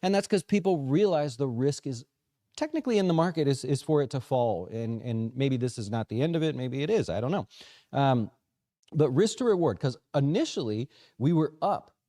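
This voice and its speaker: A man's voice: normal speed, no room sound, clean studio sound. Chatty male financial show host. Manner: jokey, chatty, self-correcting; lively pitch swings. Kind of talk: casual market recap talk.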